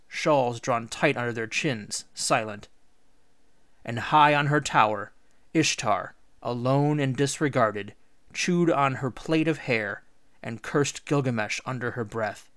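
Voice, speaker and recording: Man, teacher reading a story aloud, mid pitch, dry close sound, measured and expressive. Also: dry recording. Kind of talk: read-aloud storybook narration.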